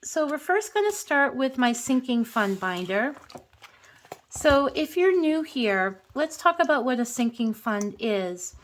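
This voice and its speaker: A woman's voice: sits high, big pitch swings, a little slow. Chatty woman in her fifties. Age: 50s. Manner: chatty, earnest, counts bills aloud in quiet rhythm. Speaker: budgeting vlogger. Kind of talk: casual vlog storytelling and cash counting.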